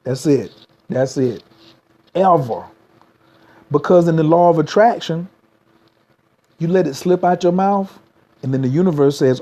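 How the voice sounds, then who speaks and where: A man's voice: on the high side, measured pace, long pauses, warm tone. A man, giving a motivational livestream talk as a spiritual coach, repeating slogans and urging viewers to type them.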